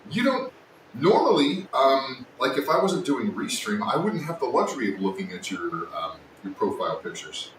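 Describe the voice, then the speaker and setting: A man hosting a casual woodworking livestream, chatting and joking with his viewers, sometimes yelling, recorded in a workshop. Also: big pitch swings, moderate pace. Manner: joking, teasing, with sudden yells. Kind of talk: casual live-stream chat with viewers. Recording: echoey room, distant mic, faint rumble.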